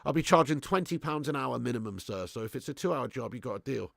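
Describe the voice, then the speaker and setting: A young man hosts a live football watch-along, excitedly commenting on the match, reading viewers' messages aloud, and swearing freely. His mid-range voice is fast and gravelly, captured in a clean studio with no echo.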